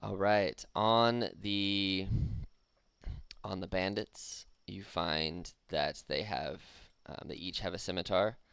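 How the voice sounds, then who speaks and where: Low gravelly game master. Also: male voice, slow pace, no echo. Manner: relaxed, loose, laughs often. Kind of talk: narrating a tabletop game.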